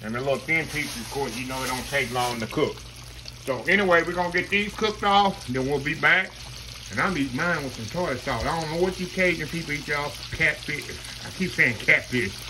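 A man hosting a casual home cooking video, folksy and chatty, talking to viewers as "y'all" and dropping to a low murmur while he tastes. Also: brisk, noisy background. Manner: folksy, keeps saying "y'all". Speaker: cooking channel host.

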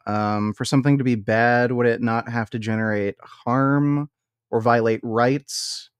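A man's voice: mid-range voice, fairly even intonation, clear, resonant tone, no room sound. Man ranting scornfully on stream. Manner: blunt, profane, scornful; halting restarts when worked up. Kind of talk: reaction stream rant.

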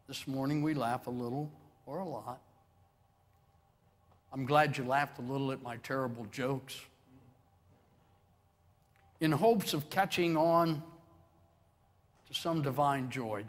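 Joking preacher in a reverberant church. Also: male voice, mid-range voice, slow, long pauses. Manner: folksy, joking preaching with swelling emphasis. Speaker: pastor. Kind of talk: sermon. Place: church sanctuary.

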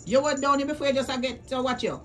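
A woman's voice: high-pitched, steady tone, fast, soft background music. A woman, vlogging as she coaxes her cats to play in a sing-song, repetitive way. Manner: coaxing, sing-song, repeats commands. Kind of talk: casual talk to her cats.

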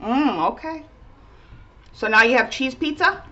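Chatty laughing woman, lively pitch. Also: unhurried, muffled recording. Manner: chatty, laughs often, gently corrects her child. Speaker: art channel host and mother. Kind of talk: casual chat while crafting.

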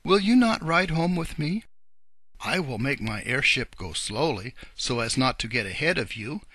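A man voicing a kindly old rabbit gentleman who speaks in a polite, old-fashioned, earnest way. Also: medium pitch, very animated, moderate pace, breathy edge, dry recording, voice pushed up, heavily acted. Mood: courteous.

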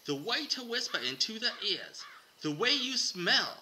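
A man playing an overexcited male wildlife show host in a put-on Australian accent, loud and theatrical. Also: high-pitched, sing-song, measured pace, a little hiss or hum, voice pushed up, exaggerated voice, poor audio.

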